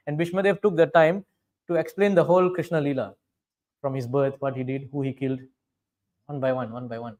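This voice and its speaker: Guy giving a scripture class, fairly high voice, chants sanskrit lines then explains, keeps asking right?. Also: fairly even intonation, a little fast, darkish tone. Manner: checks in with listeners, asking "right?"; mixes chanted Sanskrit verses into English explanation. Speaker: spiritual teacher lecturing on scripture.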